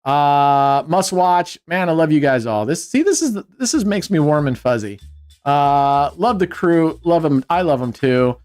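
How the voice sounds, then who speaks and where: Male stream host, upbeat teasing banter, a bit high-pitched, soft music bed. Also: animated, measured pace. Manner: joking, teasing banter with chat. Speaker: livestream host. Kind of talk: casual livestream chat.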